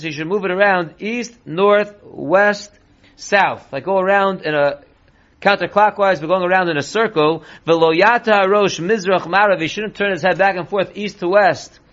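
High-voiced rabbi reading and explaining text. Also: male voice, fairly bright tone. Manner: reads Hebrew text slowly then explains in quick English. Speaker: rabbi teaching halacha. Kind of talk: line-by-line text study lesson. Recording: dull lo-fi recording.

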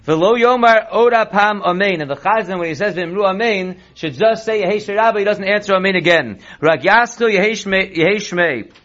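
A rabbi teaching a text-based Torah class, reading Hebrew and Aramaic slowly, then explaining it quickly in English. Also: male voice, high-pitched, fairly bright tone. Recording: dull lo-fi recording.

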